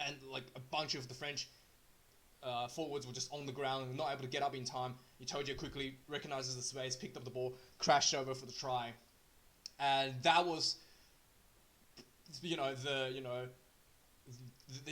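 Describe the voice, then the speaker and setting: A man talking through a rugby match review in a casual, unscripted way, halting often with fillers and restarts. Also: mid-range voice, a bit bright.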